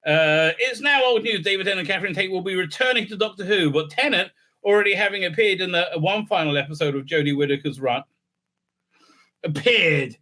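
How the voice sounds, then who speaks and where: A man's voice: fairly high pitch, moderate pace, pushed and bright. A man giving rambling, sarcastic solo commentary, full of fillers and restarts. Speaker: video commentator.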